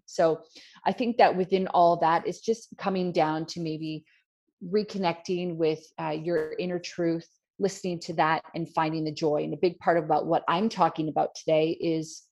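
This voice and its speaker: A woman, co-hosting a spiritual podcast, reflective and gentle, with many "you know" fillers. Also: deep voice. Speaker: podcast co-host, card reader. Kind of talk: casual spiritual chat.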